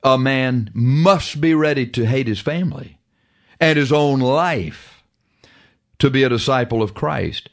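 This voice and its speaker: A man preaching a broadcast sermon, reading scripture aloud and driving points home, stretching words out slowly, then rushing ahead. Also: mid-range voice. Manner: emphatic, drawn-out preaching with sudden fast stretches; reads scripture in old-fashioned wording.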